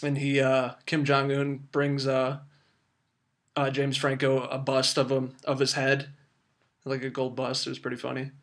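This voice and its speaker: A man's voice: medium pitch, completely flat delivery, unhurried. A young man giving a casual, rambling film review full of fillers and restarts. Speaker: movie reviewer.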